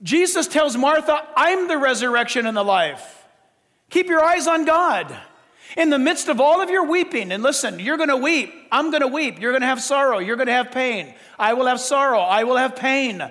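A man's voice: extremely high pitch, expressive, moderate pace, pushed and bright, in a large hall. A man preaching a sermon as pastor, building to impassioned emphasis. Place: church sanctuary.

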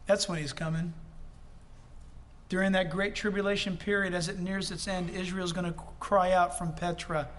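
High-voiced impassioned male preacher. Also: flat delivery, moderate pace, fairly bright tone. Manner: impassioned, conversational asides to the congregation. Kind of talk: sermon.

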